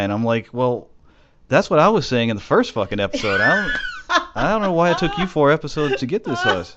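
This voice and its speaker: A man's voice: mid-range voice, big pitch swings, brisk, dull audio, noisy background. A young man co-hosting a casual anime discussion, joking profanely and acting out the characters' lines. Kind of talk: casual chat.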